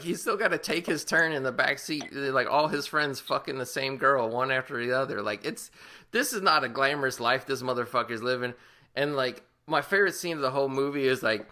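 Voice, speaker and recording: A man's voice: mid-range voice, sharp tone. A man co-hosting a podcast, giving a profane, rambling movie recap and laughing often. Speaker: podcast co-host. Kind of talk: casual movie review chat.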